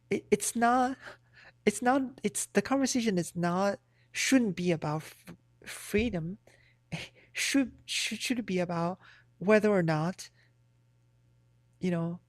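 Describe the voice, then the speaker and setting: A woman's voice: on the low side, no room sound, studio quality. A woman livestreamer in casual chat, giving blunt, profane, rambling opinions.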